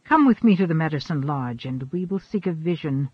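A man reading the part of a stern old shaman in an audiobook, speaking gravely and in a measured way. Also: expressive, dry recording. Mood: gentle. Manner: measured, grave, low-spoken. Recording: dull, dry recording.

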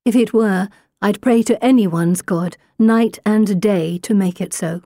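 Female audiobook narrator, warm low-ish voice, steady and wry, dry booth sound. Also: a little slow, dry recording. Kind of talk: first-person audiobook narration.

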